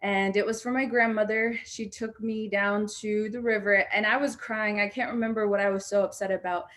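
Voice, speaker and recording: A woman's voice: medium pitch, fairly even intonation, moderate pace, a bit bright. Young woman telling a reflective story. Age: young adult. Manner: reflective, frequent fillers and restarts. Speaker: panel speaker. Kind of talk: personal storytelling. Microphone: video call.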